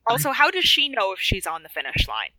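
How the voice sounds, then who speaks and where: A woman's voice: fairly high pitch, wildly swooping pitch, quick pace, sharp tone, no room sound, low-quality recording. A woman playing a tabletop game, wry and full of questions. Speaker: player.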